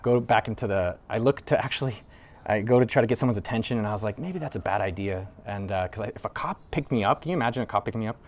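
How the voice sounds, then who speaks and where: Host, male, slightly low voice, telling a raw personal story in a casual, rambling way. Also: fast, a little hiss or hum. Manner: loose and conversational, with frequent "like" fillers and casual swearing. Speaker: entrepreneur video host. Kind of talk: candid personal storytelling to camera.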